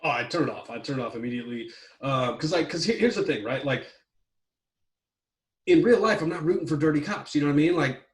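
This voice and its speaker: A man talks fast and loose, stacking fillers and restarting sentences as he goes. His voice sits a little back from the microphone. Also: a little high, lively intonation, recorded from a distance, low-quality recording. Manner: rambling, heavy on fillers, swears when worked up. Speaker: podcast co-host reviewing a movie plot. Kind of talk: casual chat.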